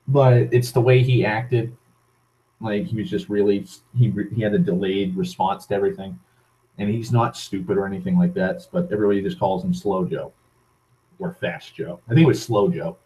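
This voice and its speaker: In a fairly low, dark voice, a young man from Massachusetts vlogs a casual, profanity-heavy rant into his camera, with sardonic asides and rambling restarts. It's a low-quality recording.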